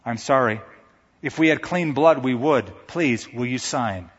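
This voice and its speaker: A man playing a gentle male hospital doctor who speaks quietly and solemnly. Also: mid-range voice, unhurried, breathy edge. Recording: echoey hall, dull lo-fi sound.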